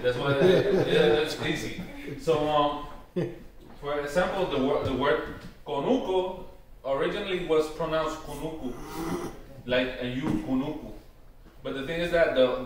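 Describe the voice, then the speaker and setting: Man, informal workshop talk, halting with lots of fillers, big echoey room, mic far off. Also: a little high, background noise. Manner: hesitant, full of "um" and "you know", often restarts; slows down to spell out words. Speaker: workshop presenter on Taíno tradition. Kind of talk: informal teaching talk to a live group.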